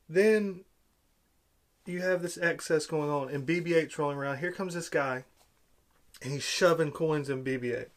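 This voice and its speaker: A man giving a casual, opinionated film review, sarcastic and exasperated, with big swings in loudness. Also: a little high, measured pace, pauses often.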